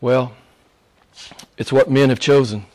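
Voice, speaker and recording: A man preaching a sermon as pastor, moving between hushed, almost whispered lines and loud, emphatic passages. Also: medium pitch, fairly even intonation, slow.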